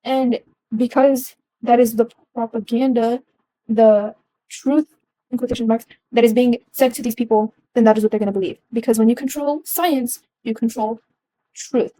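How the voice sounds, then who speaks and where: A woman's voice: on the high side, fairly even intonation, normal speed, mellow, rough recording. A young adult woman giving a casual explanatory talk, earnest, with frequent ums and restarts.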